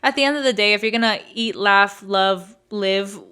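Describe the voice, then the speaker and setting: A young woman in her twenties talks through a story on her podcast, candid and chatty, swearing freely as she goes. Her voice is bright and forward, and sits at a middle pitch. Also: moderate pace, clear, resonant tone. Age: 20s. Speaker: podcast host. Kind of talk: casual storytelling monologue.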